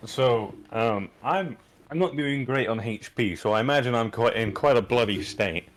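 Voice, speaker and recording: Lively-pitched young man playing a character. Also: normal speed. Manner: lively, laughs at own plans. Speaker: player. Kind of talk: casual tabletop play.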